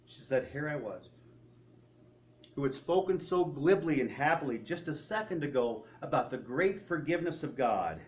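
A man telling a story in a sermon, retelling someone's words and often dropping his voice low. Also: sing-song, normal speed. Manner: retelling a story with quoted speech, often trailing off quietly. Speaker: preacher.

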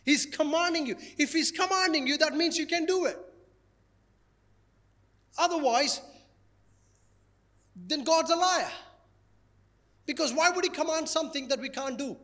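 High-voiced male pastor preaching. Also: unhurried, pauses often. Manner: animated, playful, repeats key phrases. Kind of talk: sermon.

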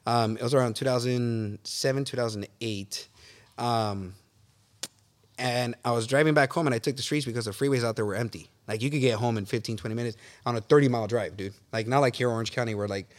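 A man tells stories from his life as a guest on a relaxed interview show. He talks in an animated, swearing way and keeps calling the listener bro and dude. His voice sits at an ordinary middle pitch. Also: fast. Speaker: podcast guest. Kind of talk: casual storytelling interview. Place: real estate office.

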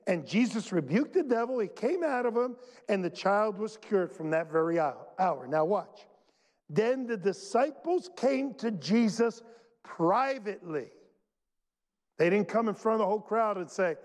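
A man pastor preaching a sermon to his church, emphatic and full of dramatic pauses. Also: high voice, big pitch swings, a little mellow. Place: church sanctuary. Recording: long reverb in a large hall.

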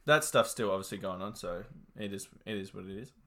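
A man's voice: low-pitched, brisk, fairly bright tone. An Australian man co-hosting a casual podcast, laid-back and profane, laughing easily as he chats. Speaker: podcast co-host.

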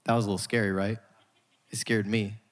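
A male pastor preaching a sermon in an emphatic style with dramatic pauses, in a church sanctuary. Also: on the low side, little pitch movement. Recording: hall reverb.

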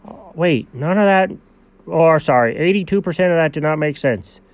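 A man co-hosting an improvised comedy show, playing the exasperated straight man in quick back-and-forth. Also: fairly high pitch, animated. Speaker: comedy co-host.

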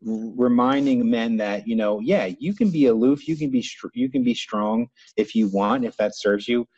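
Rambling, husky-voiced American man. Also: mid-range voice, normal speed, darkish tone, dry recording, highs cut off. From United States. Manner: rambling, reflective, with many restarts. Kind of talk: casual conversation.

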